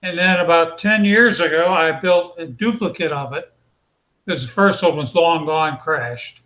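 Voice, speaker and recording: High-voiced man in an echoey room. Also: a little slow, bright, forceful tone. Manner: knowledgeable, explains aircraft designations step by step. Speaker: guest on a hobby hangout. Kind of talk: casual chat on a video call. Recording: roomy echoey room sound.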